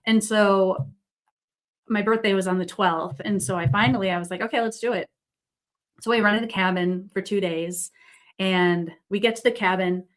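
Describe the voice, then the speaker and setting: A woman's voice: mid-range voice, fairly even intonation, normal speed. Chatty woman telling a story. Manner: rambling, full of fillers and "like". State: buzzing with excitement. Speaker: psychic medium guest. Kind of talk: casual storytelling.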